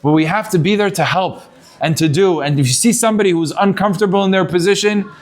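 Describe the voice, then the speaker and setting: This high, fast-talking man is a rabbi preaching to students; his story comes out animated, peppered with Hebrew words.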